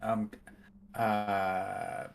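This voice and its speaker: A player in a tabletop game, thinking aloud hesitantly with pauses and restarts. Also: low-pitched, level tone, gravelly. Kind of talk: casual tabletop game chat.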